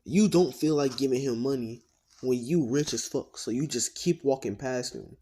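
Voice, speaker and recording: A man's voice: mid-range voice, moderate pace, mellow, close to an everyday voice. A man voicing a ruthless, money-driven teenage boy hero who talks bluntly with slang and profanity in a fan-made story. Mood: cocky.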